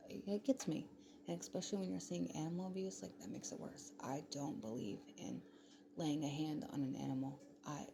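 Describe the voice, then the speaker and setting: A woman rambles through a heated vlog monologue, her low voice full of gravelly fry. She swears and circles back with plenty of fillers. There is a clear hiss of noise behind her. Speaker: vlogger. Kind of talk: casual commentary monologue.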